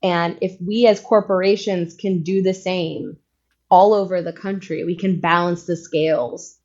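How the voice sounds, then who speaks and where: A woman's voice: on the low side, steady tone, measured pace, a little mellow. A woman from Puerto Rico, a guest on an interview show, speaking earnestly and with conviction in casual chat. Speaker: guest, credit union foundation leader. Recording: dull lo-fi sound.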